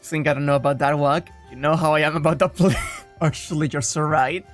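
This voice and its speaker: A streamer chatting casually with a co-host during a visual novel stream, scattered and self-interrupting, with quick laughs. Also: mid-range voice, fairly even intonation, soft background music.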